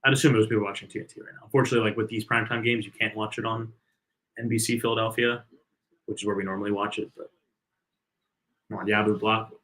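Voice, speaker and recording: A man co-hosting a fan watch-party stream, giving excitable, chatty play-by-play of a live game. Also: lowish voice, fast talker, long pauses. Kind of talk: casual live game commentary.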